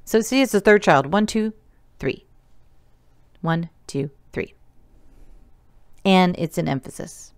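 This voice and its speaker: Lady teacher doing a recorded web design class, slow and patient, smooth clear voice, dry close mic. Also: fairly low pitch, expressive, darkish tone, no room sound. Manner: patient, step-by-step explaining, counting aloud. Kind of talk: recorded remote coding lesson.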